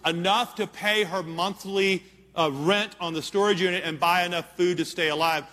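A man's voice: sits high, fairly even intonation, normal speed, sharp tone. A man preaching a sermon, telling a story in an earnest, emphatic way and checking in with his listeners. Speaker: pastor. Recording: long hall reverb.

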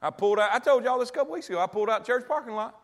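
A man preaches in an unusually high voice. He tells homespun stories, repeats his phrases for emphasis and speaks straight to his congregation. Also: very fast, a bit bright. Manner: storytelling, talks directly to the congregation. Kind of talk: sermon.

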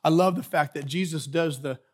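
High-voiced, animated male pastor. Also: fairly quick. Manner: animated and joking, shifting from quiet to hollering. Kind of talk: sermon.

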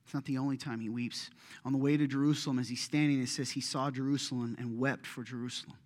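Guy preaching, goes quiet then real loud, mid pitch, echoey church hall. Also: quick pace. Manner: expressive, swings from hushed to loud and pleading. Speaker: pastor. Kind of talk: sermon.

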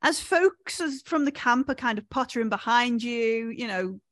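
A woman's voice: a little high, animated, normal speed, fairly bright tone, dry recording. Woman game master, hesitant delivery, dry close sound. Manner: hesitant, many fillers and restarts. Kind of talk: narrating a tabletop game.

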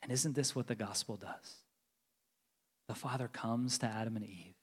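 A man in his forties preaching a sermon, moving between loud urgency and hushed, near-whispered lines. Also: medium pitch, moderate pace, breathy edge. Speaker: pastor. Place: large church sanctuary. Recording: long reverb of a large church hall.

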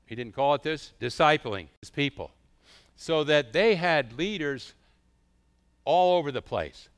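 A middle-aged man preaching a sermon as a pastor. He tells stories with animated rhetorical questions. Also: a little high, a little slow, clear, resonant tone.

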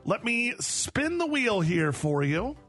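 A man's voice: high voice, very animated, slow, fairly bright tone, faint music behind. A man hosting a radio morning show, chatting in a playful, self-deprecating way. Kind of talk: casual chat.

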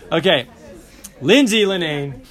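A man teaching in a classroom, playful and animated. His pitch jumps up and down as he calls names and banters with the students. It sounds like casual roll call on the first day. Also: slow pace, soft background music.

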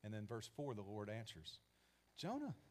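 A man's voice: mid-range voice, expressive, fairly quick, a little mellow. A man preaching a sermon in a conversational, emphatic way. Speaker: pastor.

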